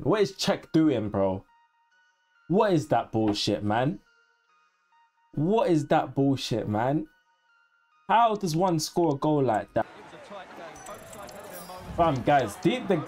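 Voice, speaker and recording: A young man talking casually and excitedly over his football game, swearing and using slang as he reacts. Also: fairly high pitch, breathy edge. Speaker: gaming YouTuber. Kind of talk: casual gameplay commentary.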